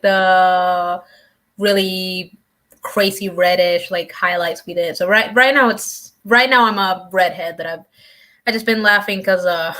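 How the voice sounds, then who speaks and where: A woman in casual chat, relaxed and talkative, quoting friends and family with a laugh. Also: mid-range voice.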